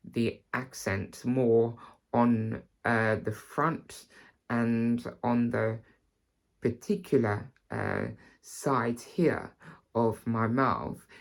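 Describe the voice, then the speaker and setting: A man with an Estuary English accent talks through a casual accent lesson at an unhurried pace. His voice carries a gravelly fry. He explains loosely and often circles back to restate a point. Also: medium pitch. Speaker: actor giving an accent tutorial. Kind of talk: casual spoken tutorial.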